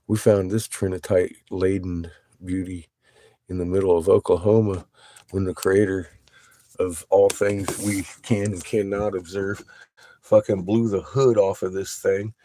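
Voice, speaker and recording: A middle-aged man with a low, dark voice talks in a casual, rambling monologue. He swears freely and gets excitable and conspiratorial as he points out shapes in his rocks. He is recording inside an RV. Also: a little slow, dry recording. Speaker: vlogger showing rocks.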